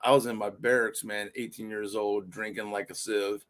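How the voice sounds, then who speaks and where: A man's voice: on the low side, flat delivery, normal speed, fairly bright tone. A man co-hosting a podcast in casual chat, rambling through stories, swearing freely and leaning on filler phrases. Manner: rambling storyteller, profane, leans on "you know". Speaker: fill-in podcast co-host.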